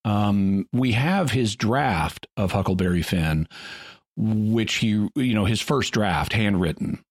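A man with a very low voice talks through a point in a relaxed podcast chat. He explains at length, often stopping to rephrase as he goes. The sound is dry and close. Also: slow pace, no echo. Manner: thoughtful, explanatory, with restarts. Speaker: podcast co-host. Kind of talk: casual discussion. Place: lives in the Ozarks.

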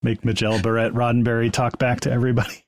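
A man on a podcast panel who chimes in with quick jokes and short replies. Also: mid-range voice, completely flat delivery, no room sound, clean studio sound. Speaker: podcast co-host. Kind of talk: casual panel chat.

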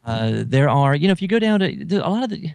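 A man as a podcast guest, speaking in a relaxed, unhurried way with hesitant fillers. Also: fairly high pitch, gravelly, no echo. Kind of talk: casual conversation.

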